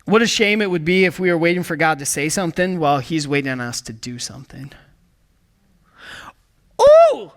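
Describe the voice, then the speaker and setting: Guy preaching, high bright voice, super animated, gets loud then goes quiet. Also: fast, few pauses. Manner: energetic, emphatic preaching with call-and-response; swings from excited bursts to hushed low asides. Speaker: pastor. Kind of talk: sermon.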